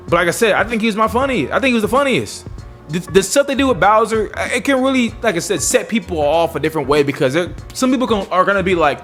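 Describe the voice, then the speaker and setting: Chatty man reviewing a film, slightly high voice. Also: fairly bright tone. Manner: chatty and loose, with many fillers and repeated words. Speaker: movie reviewer. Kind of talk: casual spoken review.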